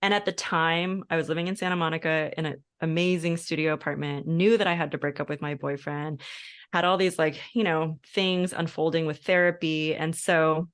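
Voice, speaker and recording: Low-pitched woman on a podcast telling her own story, super chatty, lots of "like" and "you know". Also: fairly even intonation, moderate pace, clean tone. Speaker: podcast guest. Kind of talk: casual personal storytelling.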